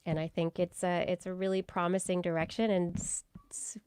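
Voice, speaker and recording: Low smooth-voiced woman explaining science. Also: little pitch movement, normal speed, a little mellow. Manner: explains studies with frequent fillers and restarts. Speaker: podcast co-host. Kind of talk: casual science podcast chat.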